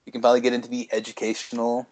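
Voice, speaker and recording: A man co-hosting a podcast, talking in a loose, rambling way with plenty of laughs. His voice sits at an ordinary middle pitch. The sound is dry and close. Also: completely flat delivery, a little mellow, no echo. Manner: rambling, halting, laughs often. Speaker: podcast co-host. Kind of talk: casual chat.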